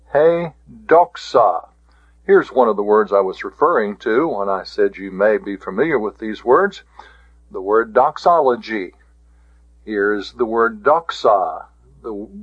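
A man teaching a recorded vocabulary lesson, pronouncing each word slowly and repeating it, sometimes correcting himself or hesitating. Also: mid-range voice, breathy edge, dry recording. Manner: slow, careful pronunciation drills, repeating each word; occasional self-corrections and hesitations. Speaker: Greek teacher. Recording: dull, dry lo-fi recording.

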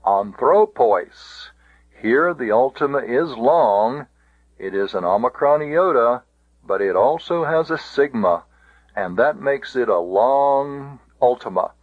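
Man teaching a recorded lesson, unhurried and methodical, on a muffled, dry lo-fi recording. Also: medium pitch, slightly rough, no room sound. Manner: slow, deliberate, repeats each word form. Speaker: Greek teacher.

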